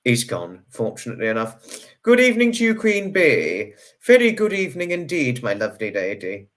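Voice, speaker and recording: A man hosts a relaxed livestream, talking through viewer comments in a chatty, rambling way. His voice sits at an ordinary middle pitch but jumps up high whenever he greets someone. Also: fairly quick. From United Kingdom. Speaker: livestream host. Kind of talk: casual livestream chat, reading out viewer comments.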